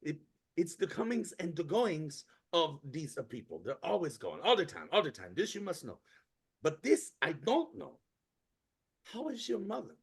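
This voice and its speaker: A man doing a tiny, creaky, chatty old acquaintance. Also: fairly high pitch, huge pitch swings, moderate pace, full character voice. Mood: curious, chatty. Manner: rambling, stammering, odd word order. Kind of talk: tabletop role-play voice.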